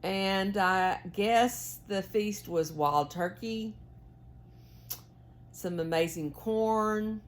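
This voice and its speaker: Drawing out her words in a medium-pitched voice, this Southern-accented woman from the United States chats to her viewers while knitting. Her casual talk is rambling and folksy.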